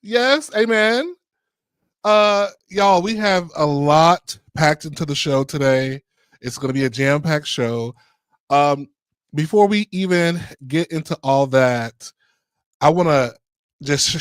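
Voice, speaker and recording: A man's voice: fairly high pitch, fairly bright tone, clean tone, dry recording, clean studio sound. A man hosting a podcast in casual chat, sassy, flamboyant and playful. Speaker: podcast host.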